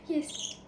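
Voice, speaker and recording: A woman on a casual pet vlog, talking in cooing baby talk to her bird. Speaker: vlogger. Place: home with pet birds. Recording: echoey room, mic at a distance, loud noise. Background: budgie chirps.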